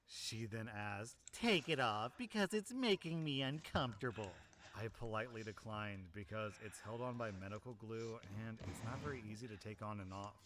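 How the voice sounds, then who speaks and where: Sarcastic young man reading stories, music behind. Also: fairly low pitch. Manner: sarcastic, animated asides. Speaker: Reddit story narrator. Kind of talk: reading online posts with commentary.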